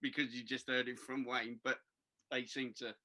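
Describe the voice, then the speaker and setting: A man co-hosting a casual chat, talking in a halting way with many restarts. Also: medium pitch, flat delivery, sharp tone. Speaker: co-host.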